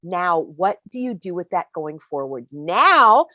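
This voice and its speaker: A woman's voice: on the low side, a little slow, no echo. Woman host, live-stream pep talk, emphatic, dry close sound. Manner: animated, emphatic, speaks straight to viewers.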